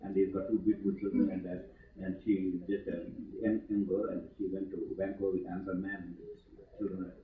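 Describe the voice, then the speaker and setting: Lowish guy preaching, lots of uhs, tinny old tape, echoey hall. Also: flat delivery. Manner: halting, many fillers and restarts, rising emphatic stresses. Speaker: yoga teacher giving a talk. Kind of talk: spiritual talk to students. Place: ashram hall.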